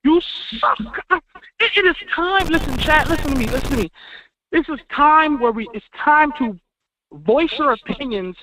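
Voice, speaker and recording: This male caller rants with a strikingly high, bright voice. His pitch leaps all over the place, from loud bursts down to quiet asides. The call audio comes through dull and lo-fi. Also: moderate pace, a little hiss or hum. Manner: animated, big swings between booming and muttering. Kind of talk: fired-up fan rant.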